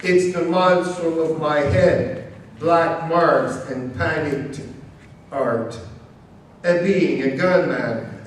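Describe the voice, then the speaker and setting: A man giving a slow, measured poetry reading with long pauses, in a large church. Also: a little high, slight background noise. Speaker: poet reading at an event. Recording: very echoey church hall, mic far off.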